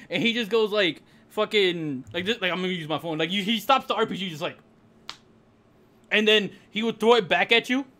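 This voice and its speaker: A man's voice: sits high, bright, forceful tone. A young man streaming a racing game, ranting in casual chat with lots of laughter and swearing.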